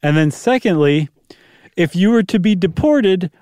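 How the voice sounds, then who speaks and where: A man co-hosting a podcast in relaxed, joking chat, rambling a little with fillers. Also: high-pitched, moderate pace, dry recording, clean studio sound. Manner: rambling, jokey, many fillers. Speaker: podcast co-host. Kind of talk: casual conversational chat.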